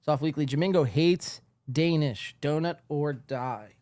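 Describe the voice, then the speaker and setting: A man hosts a live podcast, tired after a long stream, rambling casually and laughing while reading the chat aloud. His voice is fairly high, expressive, and darkish in tone, at a measured pace with no room sound.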